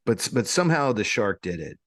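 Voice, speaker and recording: A man co-hosting a podcast, telling a story in a casual, animated way, often laughing and restarting his sentences. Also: fairly low pitch, fairly quick, no echo, studio quality. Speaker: podcast co-host.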